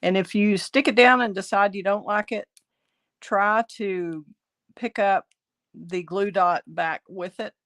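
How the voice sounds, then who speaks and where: A middle-aged woman, raspy from bronchitis, chatting through a card-making tutorial as she works. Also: medium pitch, a little slow, a bit bright. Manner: chatty, thinking aloud while working. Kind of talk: casual craft tutorial.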